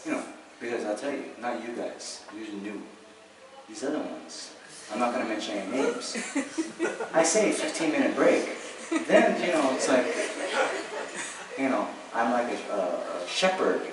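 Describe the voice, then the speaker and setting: A man's voice: mid-range voice, lively intonation, measured pace. A man giving a casual Buddhist dharma talk, chatty and joking, with many asides and fillers. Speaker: Buddhist teacher. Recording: very echoey hall, distant mic, noisy.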